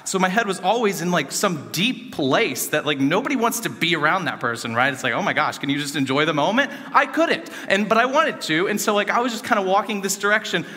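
A young man giving an earnest personal testimony to a gathering, rambling with many fillers and swinging between animated and hushed. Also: sits high, fairly quick, few pauses. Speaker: student speaker giving a testimony. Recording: reverberant hall.

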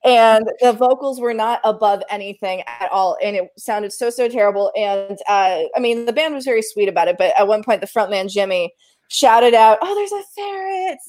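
A woman recounting a work story in casual chat, animated and laughing often. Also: mid-range voice, normal speed. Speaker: live sound engineer telling a story.

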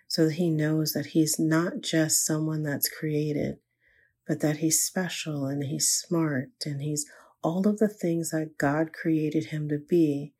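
A woman's voice: deep voice, a little mellow, slightly rough. An older woman, a grandmother, telling an earnest, reflective faith story about her grandson. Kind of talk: inspirational personal storytelling.

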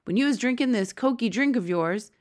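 A woman's voice: fairly high pitch, lively intonation, a little fast, darkish tone, pitched above the performer's own voice, natural voice. A woman doing a big, friendly old giant with jumbled grammar. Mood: jolly. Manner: mangled made-up words and grammar.

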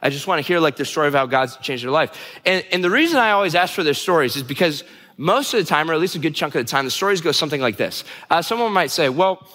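A young adult man preaching a sermon in a conversational, animated way, teasing his listeners. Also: fairly high pitch, fast talker, big-room sound. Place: church hall before a live congregation.

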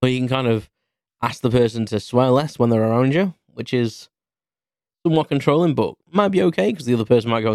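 A man's voice: medium pitch, lively intonation, quick pace, darkish tone, dry recording, studio quality. A British man in his thirties, a podcast host rambling through a casual story with many restarts. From United Kingdom.

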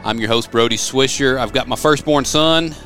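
A man's voice: mid-range voice, normal speed, a bit bright, soft background music. A middle-aged man from West Tennessee, hosting a podcast in a studio office, rambling and folksy as he tells stories. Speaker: podcast host. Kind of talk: casual podcast chat.

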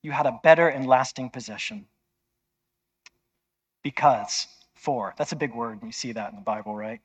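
A man's voice: mid-range voice, expressive, fairly quick. A man preaching a sermon in an emphatic, conversational way, often checking with listeners.

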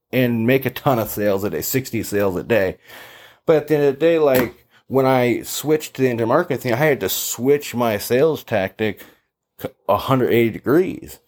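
A man telling sales stories in a casual, chatty monologue as a coach, with many fillers, acting out the people he quotes. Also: mid-range voice. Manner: animated, chatty, lots of fillers, acts out quoted voices.

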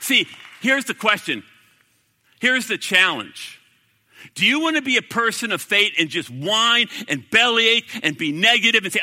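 Man, bright sharp tone, preaching, loud declarations dropping to near-whispers, church echo. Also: sits high, very animated, normal speed. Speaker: pastor. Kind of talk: sermon. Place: church sanctuary. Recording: echoey hall reverb.

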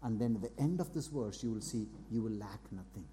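A man preaching a sermon as a pastor, earnest and repetitive, moving between hushed and raised passages. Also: fairly low pitch, expressive, a little fast, a little hiss or hum. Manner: earnest preaching, repeats phrases, swings between soft and loud.

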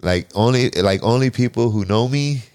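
A man in his forties, a podcast guest, telling a personal story in casual, animated talk, often quoting himself and swearing. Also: mid-range voice, normal speed, no room sound, clean studio sound. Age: 40s. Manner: animated, profane, restarts and quotes himself.

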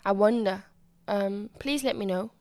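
A young woman hosts her own casual solo podcast, chatting in a bubbly way, restarting sentences and acting out quotes, her loud, high voice jumping higher when she's excited. She talks a little slowly, recorded close and dry with no room echo.

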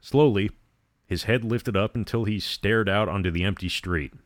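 A man narrating a story in a measured, dramatic reading. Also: lowish voice, dry recording, studio quality.

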